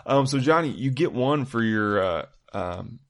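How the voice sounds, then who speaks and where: A young man co-hosting a podcast, teasing and telling deadpan jokes in casual chat. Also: medium pitch, a little slow. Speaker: podcast co-host.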